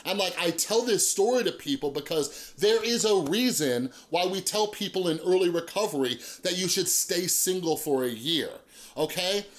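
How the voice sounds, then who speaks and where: A man in recovery telling a story to camera in a casual vlog, checking in with "right?" and "okay?" as he goes. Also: moderate pace. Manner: conversational, peppers talk with "like", "right?" and "okay?"; animated storyteller, drops low and quiet for grim moments. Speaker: YouTuber talking about addiction recovery.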